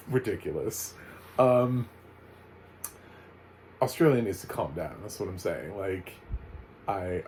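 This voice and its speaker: An American man giving a casual, chatty spoken film review, full of animated asides and fillers. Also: lowish voice, a little hiss or hum, low-quality recording. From United States. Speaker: movie reviewer.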